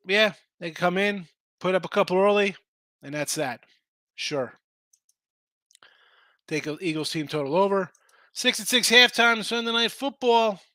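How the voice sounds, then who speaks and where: Tired and losing his voice, a man hosts a live sports betting show, chatting casually about point spreads and answering viewers in the chat. His voice is high and sharp, with no echo.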